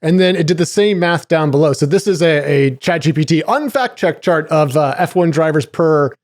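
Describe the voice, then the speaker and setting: A man's voice: fairly high pitch, moderate pace, darkish tone, dry recording, clean studio sound. A man co-hosting a podcast, upbeat and enthusiastic in casual chat. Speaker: podcast co-host.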